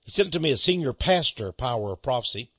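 Husky, lively male preacher. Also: medium pitch, fast, dry recording. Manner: folksy storytelling, animated. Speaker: pastor and ministry head. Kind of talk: radio sermon monologue. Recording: dull lo-fi dry recording.

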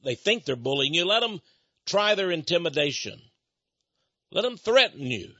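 Folksy husky-voiced male preacher. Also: a little high, very animated, moderate pace, sharp tone, dry recording, muffled recording. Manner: folksy, emphatic, repeats key lines. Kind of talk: televangelist sermon with a fundraising appeal.

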